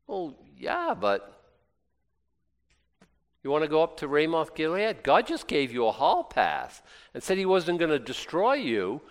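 A man preaching a sermon, reading scripture aloud and breaking into lively, sarcastic asides. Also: on the high side, unhurried, long pauses. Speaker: pastor. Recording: long hall reverb.

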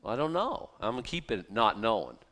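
Animated, conversational preaching man. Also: lowish voice, a little fast, big-room sound. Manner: animated, conversational preaching with lots of fillers and restarts. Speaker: pastor. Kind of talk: sermon.

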